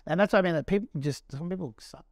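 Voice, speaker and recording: A man's voice: sits high, fast, no room sound. An Australian man, a business owner on a podcast, talking bluntly and swearing freely in casual chat.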